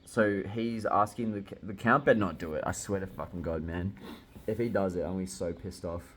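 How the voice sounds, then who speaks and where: A man's voice: low voice, brisk, slight background noise. A man giving a casual reaction review of a manga chapter, getting worked up and swearing often as he reads along.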